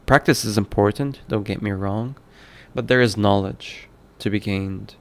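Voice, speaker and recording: A man's voice: on the low side, unhurried. Indie dev guy chatting on stream, rambly, lots of likes and ums. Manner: rambling, self-correcting, with many fillers. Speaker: indie game developer and streamer. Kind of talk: casual livestream talk.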